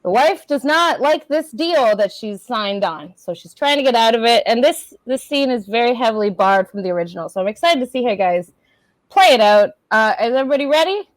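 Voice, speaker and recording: A woman's voice: a little high, expressive, a little fast, dry recording, rough recording. A woman who wrote the play, chatting and laughing as she explains a scene and gives directions. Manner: chatty, laughs often, bossy cues. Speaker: playwright directing a reading. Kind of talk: casual chat, explaining a scene.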